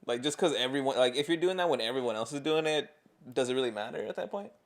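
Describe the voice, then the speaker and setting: A young man co-hosting a podcast in casual chat, with dry, sarcastic, low-key jokes. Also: expressive, fast. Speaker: podcast co-host.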